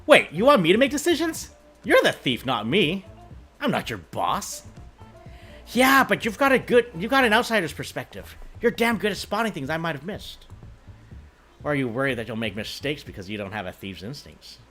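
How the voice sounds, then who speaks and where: Casting: confident woman supervillain thief, breezy and conspiratorial, very lively delivery, read by a man. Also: fairly high pitch, normal speed, slightly rough, faint music behind, voice pushed up, full character voice. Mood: reassuring.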